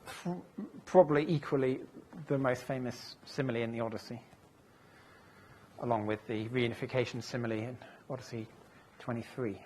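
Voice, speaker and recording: A man's voice: mid-range voice, fairly even intonation, moderate pace, darkish tone, a little hiss or hum. A man giving a recorded lecture, thinking aloud as he goes, with frequent fillers and self-corrections. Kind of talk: recorded lecture walking through translations.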